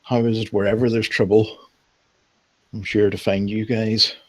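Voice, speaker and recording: A man's voice: on the low side, little pitch movement, normal speed, no room sound, close to an everyday voice. A man voicing a weary male guard captain, grudging and exasperated with the party, in a tabletop game.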